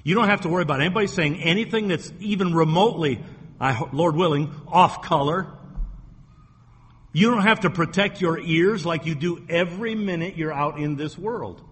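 A man with a fairly high, breathy voice preaches a sermon in church at a moderate pace. He speaks emphatically, repeats phrases for effect, and puts rhetorical questions to the congregation, all under long hall reverb.

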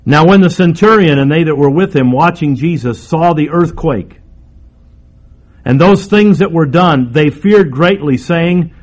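Guy preaching a sermon, kinda high voice, loud then hushed, really emphatic. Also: a little slow. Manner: emphatic, swings between raised and hushed delivery.

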